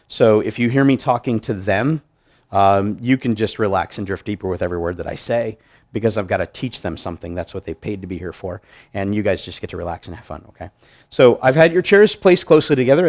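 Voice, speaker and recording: A man presenting a hypnosis demonstration to a live audience, joking with volunteers and restarting his sentences often. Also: medium pitch. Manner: joking, animated, many restarts. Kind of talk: live stage demonstration talk. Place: meeting room with audience.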